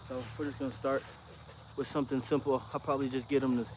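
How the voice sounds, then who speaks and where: A man's voice: medium pitch, fast talker. Easygoing man training a dog outdoors. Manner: relaxed, slangy, talks calmly to the dog. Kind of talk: casual training demonstration. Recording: outdoor recording with clear background noise.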